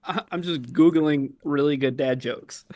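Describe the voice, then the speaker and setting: A man's voice: on the high side, unhurried, darkish tone, no echo, clean studio sound. Joking podcast co-host, a man. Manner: joking, reads out dad jokes. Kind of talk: casual podcast banter.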